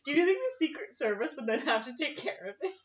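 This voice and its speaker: A woman co-hosting a podcast in casual chat, excitable and dramatic. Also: high voice, fast talker, roomy sound, dull audio. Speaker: podcast co-host.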